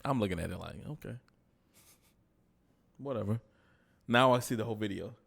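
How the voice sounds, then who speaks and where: A man co-hosting a casual podcast chat, telling a story with animated delivery and acting out the quotes. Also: on the low side, moderate pace, vocal fry, pauses often, slightly rough. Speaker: podcast co-host.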